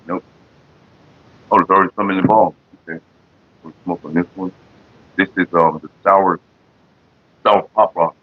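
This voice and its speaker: A low-pitched man hosts a casual livestream on a headset mic, laid-back and rambling as he swears freely and greets viewers in the chat. The audio is slightly dull lo-fi, with a little hiss or hum.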